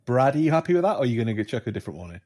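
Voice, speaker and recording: A man's voice: mid-range voice, sing-song, racing, mellow, breathy edge. A man hosting a podcast, running a quiz for his guests with teasing, joking banter. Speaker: podcast host.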